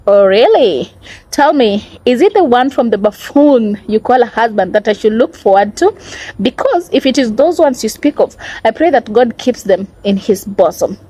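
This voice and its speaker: A woman's voice: fairly high pitch, expressive, normal speed, warm tone, low-quality recording. A woman voicing a bitter, scolding older Nigerian mother in a Nigerian accent, reading dramatically from a book. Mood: scornful. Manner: reproachful, preachy, cutting.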